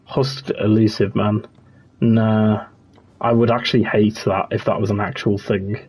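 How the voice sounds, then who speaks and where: A young man streaming a game, chatting in a relaxed, rambling way and answering his chat as he plays. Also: lowish voice, unhurried, breathy edge. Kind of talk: casual livestream chat.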